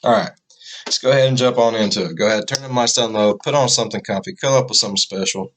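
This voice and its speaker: A man's voice: fairly low pitch, fast, a bit bright. A man hosting a reaction video, talking in a casual, rambling way. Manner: rambling and chatty.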